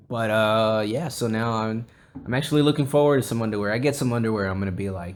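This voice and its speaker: A man's voice: lowish voice, fast, slight background noise. A man hosting a podcast, chatting casually in a rambling, jokey way with a lot of swearing. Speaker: podcast host.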